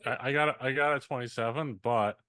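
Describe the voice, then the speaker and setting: A man's voice: mid-range voice, fairly even intonation, quick pace, pushed and bright, clean tone, no room sound. A man playing in an online tabletop game, joking and laughing often. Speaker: player. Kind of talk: casual tabletop game chat.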